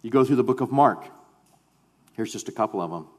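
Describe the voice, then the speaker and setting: A man preaching a sermon as pastor, animated at times and then dropping to quiet, weighty emphasis. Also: mid-range voice, fairly quick. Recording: long hall reverb.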